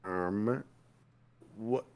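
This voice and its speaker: A man's voice: lowish voice, drawn-out words, darkish tone. A man playing a tabletop role-playing game, chatting casually with dry, sarcastic banter.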